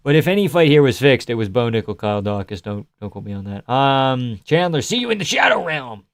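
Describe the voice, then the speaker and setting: A man's voice: medium pitch, big pitch swings, fairly quick, smooth, no room sound. A young man from Canada chatting casually on a livestream, reading the chat aloud, cursing a lot and making dry jokes. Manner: profane, sardonic, reads chat aloud. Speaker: livestream host.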